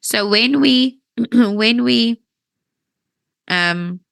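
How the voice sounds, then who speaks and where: A woman teaching an English grammar lesson, patient and checking that everyone understands, her voice tiring and needing a throat-clear now and then. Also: on the high side, extremely slow, fairly bright tone, no room sound. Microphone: wears headphones.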